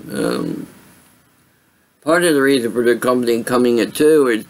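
A man vlogging in a tired, rambling way, stopping and restarting his sentences often. His voice sits at an ordinary middle pitch and he talks like he is chatting at home. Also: rough recording. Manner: rambling, many fillers and restarts. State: tired, yawning. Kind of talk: casual storytelling monologue.

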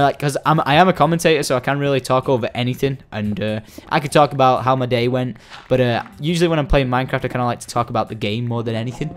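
A young Scottish man giving casual, excitable commentary while playing a building game, chatting to viewers and the animals. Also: mid-range voice, slight background noise. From Scotland. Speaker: gaming commentator.

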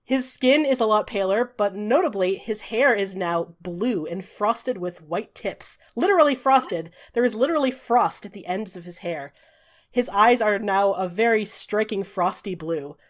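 A woman running a tabletop game, narrating scenes in a descriptive, unhurried way with frequent hesitations. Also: medium pitch, expressive. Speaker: game master.

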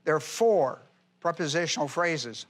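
A man's voice: a little high, animated, unhurried. A male pastor teaching a Bible class verse by verse, emphatic, repeating key phrases and quizzing his listeners.

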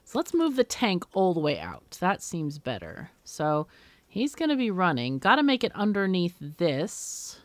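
A woman's voice: lowish voice, wildly swooping pitch, measured pace, no room sound. A woman hosting a let's play, thinking aloud as she works through a puzzle game, muttering and exclaiming. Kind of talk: thinking aloud while gaming.

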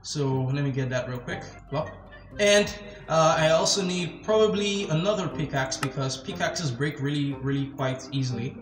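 A young man talks through his game as he plays, excitable and easily spooked, his voice sitting a little on the high side. The sound is roomy, with game music playing clearly behind him. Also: moderate pace. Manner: excitable, jumpy, narrates every step, frequent nervous laughs. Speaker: gaming channel host. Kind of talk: casual gameplay commentary.

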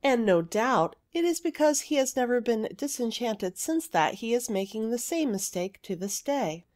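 A woman narrating a fairy tale aloud in a gentle, even storytelling manner. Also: a little high, moderate pace.

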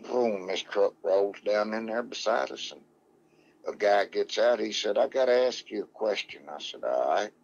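Low-voiced, drawling male storyteller, salty and rambling; dull lo-fi audio. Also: animated, normal speed, creaky. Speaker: guest, dog man. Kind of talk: casual storytelling.

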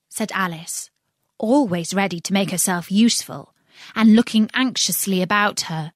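A woman narrating a children's classic as a storybook reading, expressive and deliberate. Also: mid-range voice, no room sound, studio quality.

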